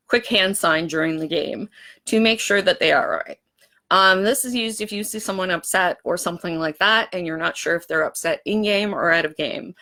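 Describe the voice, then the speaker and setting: A woman organizer giving a casual workshop on a live stream, explaining the rules in a relaxed, chatty way with lots of fillers and restarts. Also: fairly low pitch. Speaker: event organizer running a workshop.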